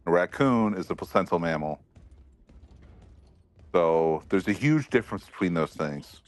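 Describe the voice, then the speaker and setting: A man's voice: low-pitched, animated, a little slow. A man from Alaska co-hosting a podcast in casual banter, blunt and swearing, rattling off nerdy animal facts. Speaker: podcast co-host.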